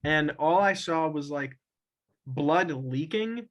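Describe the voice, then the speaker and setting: A man's voice: fairly high pitch, lively intonation, takes it slowly, a bit bright, dull audio. A young man co-hosting a casual podcast, telling a rambling story full of swearing, with laughs breaking in. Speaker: podcast co-host. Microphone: own camera and mic at home.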